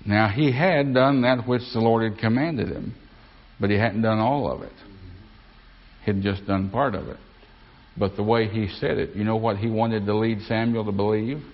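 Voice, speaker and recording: A man's voice: lowish voice, moderate pace, dull audio. A man preaching a sermon as pastor, folksy, often asking the congregation for an amen. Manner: folksy, asks congregation for amens.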